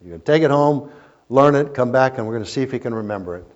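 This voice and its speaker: A man preaching a sermon as a pastor, telling stories and swinging between loud emphasis and quiet asides. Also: mid-range voice, animated, fast talker. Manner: storytelling preacher, rising and falling in intensity. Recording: muffled lo-fi recording.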